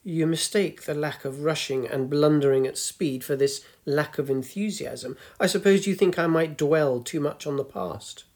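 A man's voice: a little high, moderate pace, few pauses, darkish tone, lightly acted. A man voicing a grumpy, wry old woman of ninety-two in a storybook reading, tart and teasing. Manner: tart, teasing, lecturing the young.

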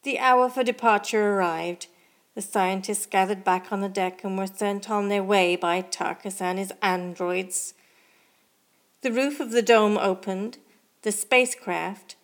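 A woman narrating a science fiction story for her podcast, reading slowly and steadily. Her voice sits at a middle pitch. The delivery is measured and scripted.

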